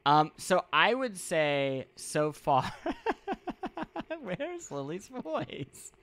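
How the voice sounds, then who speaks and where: Gravelly man chatting over a game. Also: sits high, big pitch swings, extremely slow, a bit bright. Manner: joking, reads game lines aloud. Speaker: game show host. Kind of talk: casual gameplay chat.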